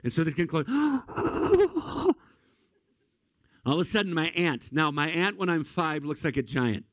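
A young man preaching a sermon, telling a story with lively energy and building to emphatic points. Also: on the high side, fairly quick, no echo. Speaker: pastor.

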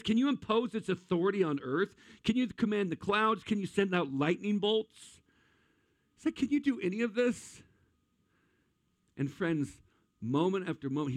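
A man preaching a humorous sermon to a live audience, asking the crowd questions and acting out voices with animated energy. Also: on the high side, no echo, studio quality.

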